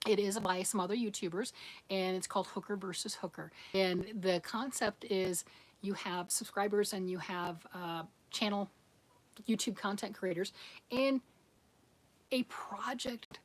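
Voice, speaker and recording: Chatty woman hosting a knitting livestream. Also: mid-range voice. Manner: chatty, rambling, self-deprecating, often restarts and laughs. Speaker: host of a live knitting stream. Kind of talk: casual livestream chat, reading viewer comments.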